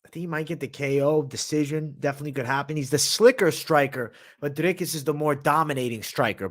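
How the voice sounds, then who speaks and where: A man hosting a live MMA stream, reading viewer comments aloud and talking loosely with slang and swearing, sometimes with his mouth full. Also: on the high side. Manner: talks while eating. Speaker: MMA analyst and livestream host. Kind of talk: casual livestream chat.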